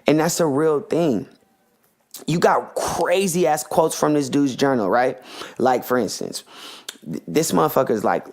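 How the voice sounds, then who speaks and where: A man's voice: fairly high pitch, unhurried, darkish tone. A man hosting a podcast, ranting in a passionate, profane, slangy monologue. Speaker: podcast host.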